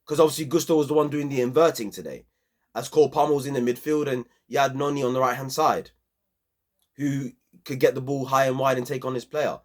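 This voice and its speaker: A man's voice: medium pitch, a little fast. A young man, giving a passionate, slangy football match review on his own channel.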